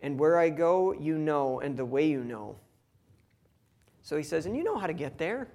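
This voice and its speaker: A young man and father giving a conversational, humorous sermon and reading scripture slowly. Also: on the high side, big pitch swings, gravelly, a little mellow. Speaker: pastor.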